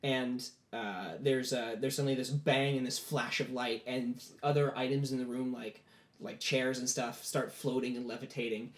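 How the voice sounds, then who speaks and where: Casting: male game master, relaxed rambling narration, echoey room. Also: mid-range voice, moderate pace. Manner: casual storytelling with many "like" fillers. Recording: roomy echo.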